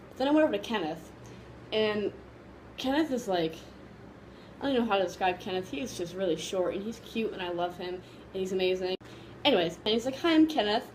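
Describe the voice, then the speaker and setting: A woman vlogger casually telling a story to camera, excited and gushing, rambling with lots of fillers. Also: medium pitch, fairly quick, slight background noise, poor audio.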